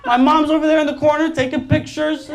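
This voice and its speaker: A young adult man performing a stand-up comedy set on stage, animated, jumping into loud exaggerated voices for the people he quotes and laughing through his lines. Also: extremely high pitch, fast. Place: comedy stage before a live audience. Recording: live stage mic with clear audience noise. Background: audience laughter.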